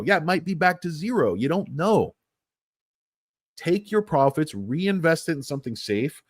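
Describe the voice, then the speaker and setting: A man's voice: mid-range voice, sing-song, moderate pace, no room sound, clean studio sound. A man hosting a casual stock trading livestream, rambling and joking as he talks. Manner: rambling, joking, bouncy delivery.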